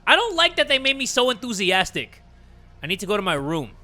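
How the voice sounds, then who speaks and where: A young man giving joking, animated commentary on a horror game. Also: sits high, brisk, soft background music. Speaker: gaming creator. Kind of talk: gameplay commentary.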